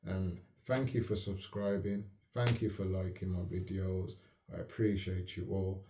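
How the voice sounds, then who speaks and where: A man hosting his own channel, talking in a calm, measured, reflective way and often asking if the listener follows. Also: sits low, a little hiss or hum. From United Kingdom. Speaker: channel host. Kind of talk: reflective casual talk to camera. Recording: roomy echo.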